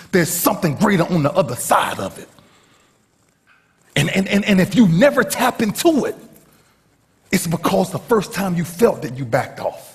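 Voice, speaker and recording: Male motivational speaker, dramatic storyteller, very animated delivery in a reverberant hall. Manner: dramatic storyteller, swinging from shouts to hushed lows. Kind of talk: motivational speech to a live audience.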